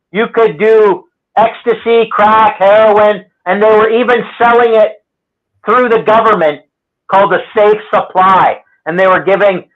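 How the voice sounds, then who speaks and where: High-voiced, profane man telling stories. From Canada. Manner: profane, rambling storyteller who acts out other people's lines. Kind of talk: casual storytelling chat. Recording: muffled lo-fi audio.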